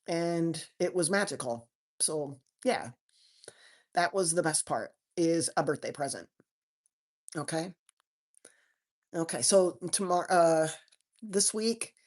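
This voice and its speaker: A woman doctor hosting a live question-and-answer stream, talking to viewers in a chatty, folksy way with homey slang and frequent restarts. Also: on the low side.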